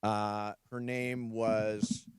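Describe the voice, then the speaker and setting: A man's voice: on the low side, level tone, extremely slow, clear, resonant tone, no room sound. A man co-hosting a sports radio talk show, telling rambling personal anecdotes full of restarts in a casual studio chat.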